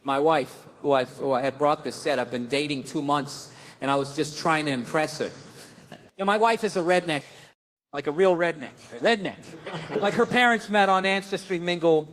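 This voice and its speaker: A man telling a wild story on stage as a stand-up comic, with a voice that sits notably high for a man. He is profane and animated, and he jumps into other people's lines as he acts them out. He sounds middle-aged. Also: moderate pace. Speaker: stand-up comedian.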